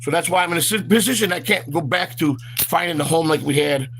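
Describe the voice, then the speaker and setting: A man's voice: a little high, fast, creaky, fairly bright tone, soft background music. A man hosting a walk-and-talk vlog outdoors, rambling with lots of fillers and stammered repeats, recorded on a handheld phone. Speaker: vlog host.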